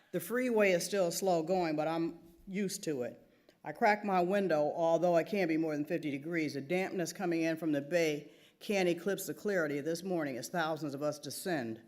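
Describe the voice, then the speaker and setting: A woman's voice: deep voice, a little mellow. A woman author reading her own first-person novel aloud at a theater event, wry and conversational.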